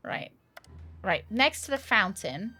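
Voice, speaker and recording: A woman's voice: mid-range voice, big pitch swings, slow, sharp tone, husky. A woman streaming a mystery game, thinking aloud, repeating herself and swearing casually. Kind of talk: casual live-stream commentary.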